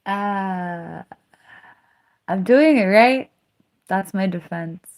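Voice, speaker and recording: A woman's voice: mid-range voice, very slow, a little mellow. A woman livestreaming, telling rambling stories between laughs and answering her chat.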